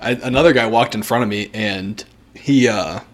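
A man from the American Midwest casually telling a story on a podcast, animated, swearing freely, and mimicking people in exaggerated voices. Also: on the low side, normal speed. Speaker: podcast co-host.

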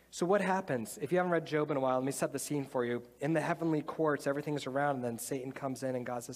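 A man's voice: mid-range voice, quick pace, few pauses. A man preaching a sermon to a live congregation, conversational and enthusiastic. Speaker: pastor. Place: church with audience. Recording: reverberant church hall.

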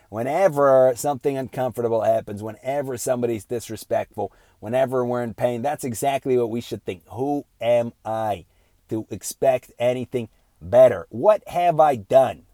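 A man's voice: medium pitch, a little mellow. An earnest man speaks in a middle-range voice, delivering an unscripted moral lecture. He fires off rhetorical questions and keeps asking "right?", stumbling through restarts and ums along the way. The sound is dry and close, with no room echo. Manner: halting restarts with many fillers. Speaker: speaker giving a moral talk.

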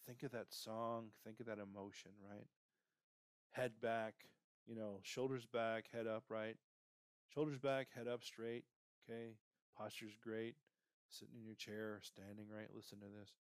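A man's voice: lowish voice, no room sound, studio quality. A man hosting a motivational career podcast, coaching the listener and tagging lines with "right?" and "okay?". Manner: pep-talk, repeats "right?" and "okay?", guides listener.

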